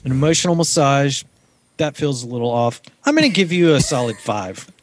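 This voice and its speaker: A man's voice: mid-range voice, wildly swooping pitch, brisk. A man, a counselor, talking easily as a guest in a casual chat.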